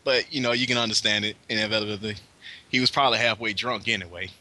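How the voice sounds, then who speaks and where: A man's voice: lowish voice, fairly even intonation, fast talker, bright, forceful tone. A laid-back man co-hosting an anime podcast, talking easily with lots of fillers. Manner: laid-back, many "you know" fillers. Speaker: podcast co-host. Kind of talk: casual anime review chat.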